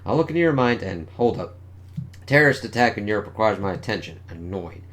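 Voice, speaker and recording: Godlike young man, cheerfully menacing, read by a man, low voice, offhand. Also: animated, a little fast, fairly bright tone.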